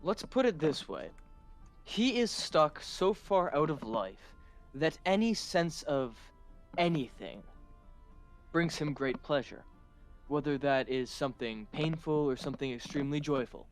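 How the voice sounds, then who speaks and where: A man's voice: on the high side, measured pace. A man speaking as a tabletop player, his voice rising and falling a lot while he jokes. Faint music sits behind him. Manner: lively, jokey in-character play. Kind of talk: casual game table chat.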